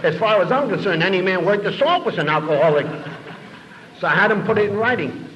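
An older man tells an audience his own recovery story, rambling with repeated words and fillers and acting out the dialogue. His voice is high and fairly bright with lively intonation and a brisk pace. The lo-fi recording comes from an echoey hall with faint room noise.

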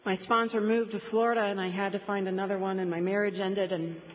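A woman's voice: mid-range voice, flat delivery. Woman sharing her story in a reverberant hall. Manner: storytelling, slow deliberate emphasis on key words. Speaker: speaker sharing her story at a recovery meeting. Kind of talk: personal testimony to a group. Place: meeting room before a group. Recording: dull recording with long hall reverb.

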